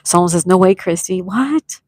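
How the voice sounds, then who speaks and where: A woman hosts a relaxed morning livestream, reading out chat messages and gushing thanks to viewers one after another. Her voice sits fairly low, and the sound is close and dry with little room echo. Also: moderate pace. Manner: effusive, thanks viewers by name, reads chat aloud. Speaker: livestream host. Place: at home with a view, morning tea.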